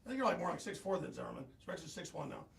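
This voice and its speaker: Fast gravelly high-strung male talk host. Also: very animated, crowd noise. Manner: forceful, interrupting, emphatic. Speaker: show host. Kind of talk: studio talk show.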